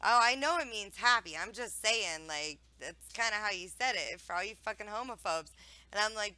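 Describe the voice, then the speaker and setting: A woman from Wisconsin hosts a casual live stream, reading viewer messages aloud and swearing freely. Her voice is bright and crisp. The sound is dry and close. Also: mid-range voice, expressive, moderate pace, no echo, poor audio. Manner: profane, laughing, reads chat aloud. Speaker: streamer hosting interview.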